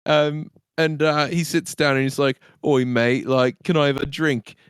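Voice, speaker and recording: A man's voice: fairly high pitch, fairly even intonation, measured pace, smooth, no room sound, pitched above the performer's own voice, close to an everyday voice. A man voicing a scrappy girl posing as a stable boy, with a mock British accent and slangy banter. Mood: chummy.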